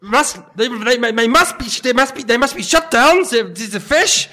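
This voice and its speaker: A man improvising an impression of a ranting male dictator, barking a loud, stumbling tirade. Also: extremely high pitch, expressive, normal speed, voice pushed up, heavily acted.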